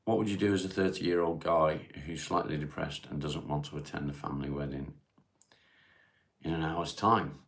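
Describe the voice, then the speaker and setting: Broadcasting from home with a cigarette, a Cheshire man runs a relaxed livestream, reading out viewer questions and giving plain answers. His deep, gravelly voice has a low, rough edge, and he stays easygoing and unhurried throughout.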